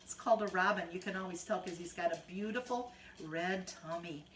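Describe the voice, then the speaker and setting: Bright-voiced woman reading to children. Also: on the low side, a little fast, a little hiss or hum. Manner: gentle, sing-song, talking to small kids. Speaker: children's storyteller. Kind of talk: reading a picture book to children.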